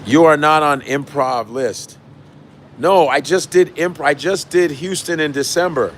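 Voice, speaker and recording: Brief: male comedian, loose profane livestream chat, repeats punchlines, slightly raised pitch, faint outdoor traffic noise. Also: unhurried. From United States. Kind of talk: casual chat with viewers.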